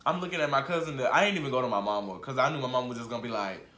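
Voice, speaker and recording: Guy vlogging a storytime, bright voice, slangy, jumps from mumbling to yelling. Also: medium pitch, rapid-fire. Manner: animated storytelling, swings from muttered asides to shouted outbursts; casual slangy speech. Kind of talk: storytime vlog. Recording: roomy echo.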